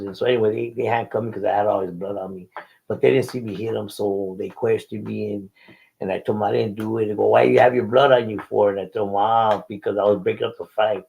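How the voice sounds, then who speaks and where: A man's voice: on the low side, creaky, darkish tone, husky, rough recording. A middle-aged man casually telling his life story in an interview, using street slang and Spanish words and often repeating himself.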